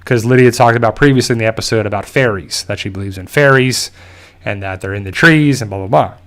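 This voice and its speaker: A man's voice: lowish voice, quick pace, fairly bright tone. A man hosting a show, recapping episodes in a loose, casual way full of fillers. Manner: loose, filler-heavy storytelling. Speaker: show host.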